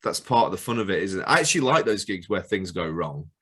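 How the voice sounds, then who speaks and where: Male rock musician guest, low voice, laid-back self-deprecating humor, video-call audio. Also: sing-song, quick pace, pushed and bright, breathy edge. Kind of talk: casual chat.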